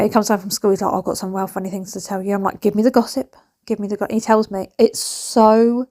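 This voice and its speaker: A woman's voice: medium pitch, darkish tone. A woman, chatting casually and rambling through a home vlog with laughing asides. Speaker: vlogger. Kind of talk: casual chat.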